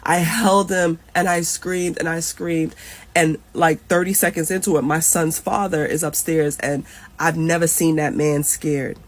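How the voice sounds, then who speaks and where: A woman's voice: low voice, a little slow. A woman in her thirties telling an emotional personal story in a casual storytime. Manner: emotional, animated retelling.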